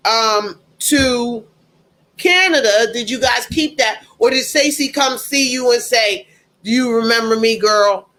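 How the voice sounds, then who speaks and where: Slow, bright-voiced indignant commentator. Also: mid-range voice. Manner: emphatic and indignant, repeats points; speaks directly to the audience. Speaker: political commentator. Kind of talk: opinionated commentary monologue.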